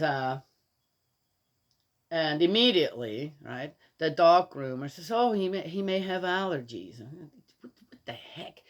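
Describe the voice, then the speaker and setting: A woman's voice: deep voice, fairly bright tone. An older grandmother talking in a casual, rambling monologue, opinionated and exasperated, with restarts and laughs as she tells stories. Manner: chatty, opinionated, exasperated storytelling.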